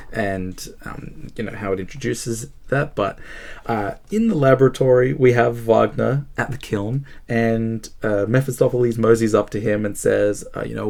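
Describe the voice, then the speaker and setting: Low-voiced man musing over a book. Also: vocal fry, a little mellow. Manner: meandering, thinking aloud with many fillers. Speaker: book channel host. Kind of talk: casual spoken book review.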